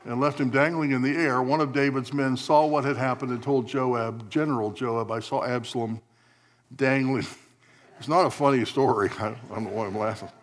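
Man, preacher, storytelling sermon, wry asides, acts out quotes, medium pitch. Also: steady tone, fairly quick. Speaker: pastor.

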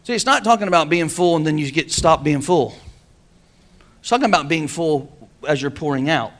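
A man's voice: on the high side, animated, moderate pace, fairly bright tone. A man preaching a sermon, calling on the congregation to answer back. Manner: preaching with call-and-response. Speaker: pastor.

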